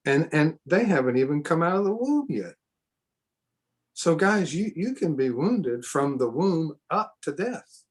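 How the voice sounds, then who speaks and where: A man's voice: a little high, big pitch swings, measured pace, breathy edge. A middle-aged man teaching a church seminar in an earnest way, repeating himself for emphasis and adding spontaneous asides. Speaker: preacher.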